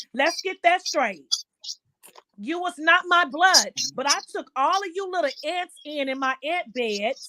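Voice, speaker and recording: A woman's voice: high voice, a bit bright. A woman hosting a late-night live chat, venting with emphatic, indignant talk and lots of repetition. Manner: indignant, emphatic, repeats herself. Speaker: livestream host. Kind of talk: casual commentary chat.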